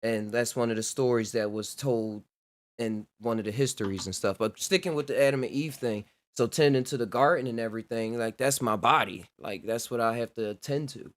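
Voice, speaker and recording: Male podcast host, casual rambling chat, mid-pitched voice, frequent laughs. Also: brisk. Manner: loose, laughs often, rambling with fillers. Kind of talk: casual conversation.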